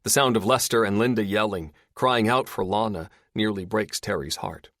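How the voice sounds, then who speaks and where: Clean studio audio with no room sound carries a man's steady, measured audiobook narration. His voice sits on the low side, and the reading is scripted.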